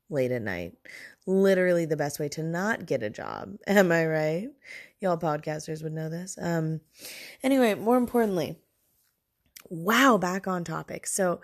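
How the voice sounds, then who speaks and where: A woman talks through her own podcast by herself in her room late at night. She rambles, pokes fun at herself and keeps drifting off on tangents. Her voice sits low with a gravelly fry. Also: a little mellow. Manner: rambling, self-deprecating, goes off on tangents. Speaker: solo podcast host. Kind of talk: rambling solo podcast monologue.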